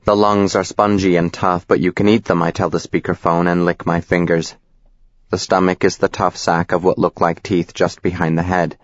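A man reading a novel aloud as narrator, in a deadpan, measured, wry manner. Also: deep voice, no room sound. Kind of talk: scripted audiobook narration. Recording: slightly dull, dry recording.

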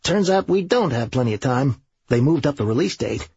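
Serge, a manic, brash schemer from an audiobook, played by a man. His voice is very husky, jumps around in pitch and races along, and the recording is dry and a bit dull. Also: lively intonation, fairly quick, darkish tone, no echo. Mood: excitable.

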